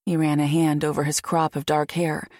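A woman narrating a romance audiobook in a measured, intimate way. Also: deep voice, flat delivery, a little mellow, no echo, studio quality. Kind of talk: scripted narration.

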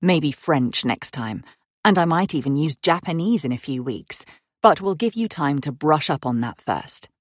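Woman voicing a tender young man, low and dry. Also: animated, moderate pace, dry recording. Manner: soft, reassuring, affectionate. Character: tender young German-born man, devoted lover.

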